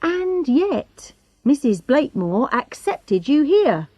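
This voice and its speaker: A woman's voice: high-pitched, very animated, slow pace, a little mellow, dry recording, voice pushed up, exaggerated voice. Woman voicing a probing police inspector. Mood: pressing. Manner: pointed, questioning, leads with tag questions.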